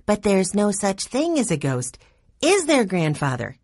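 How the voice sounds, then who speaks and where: A woman's voice: mid-range voice, huge pitch swings, a little slow, a little mellow, no room sound, clean studio sound, voice pushed up, exaggerated voice. A woman voicing a sensible, firm older sister in a storybook reading. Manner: firm, reminding.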